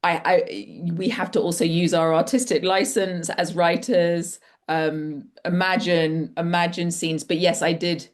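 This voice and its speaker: A woman's voice: on the low side, steady tone, measured pace, hardly any pauses. A middle-aged woman author talking casually and enthusiastically at an online book launch, rambling with frequent restarts over a video call.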